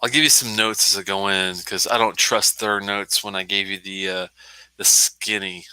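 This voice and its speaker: A man's voice: on the low side, steady tone, moderate pace, pushed and bright, clear, resonant tone, no room sound, rough recording. A man hosting a casual live stream, chatting in a rambling way, swearing now and then and answering comments from the chat. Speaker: livestream host.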